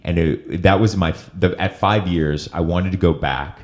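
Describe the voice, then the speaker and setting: A man's voice: deep voice, normal speed, darkish tone. A middle-aged man hosting an interview, telling a personal story in an earnest, emotional way. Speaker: host.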